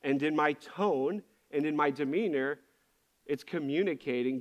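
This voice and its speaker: A man's voice: medium pitch, moderate pace, muffled recording. A man preaching as a pastor, speaking candidly and confessionally, often restarting his sentences as he searches for words. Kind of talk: candid sermon.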